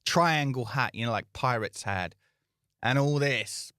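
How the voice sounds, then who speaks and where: A man co-hosting a comedy podcast, telling an anecdote in a casual, animated way and acting out the people in it. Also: mid-range voice, measured pace, no room sound, studio quality. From England. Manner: animated, acts out voices in anecdotes. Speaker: podcast co-host.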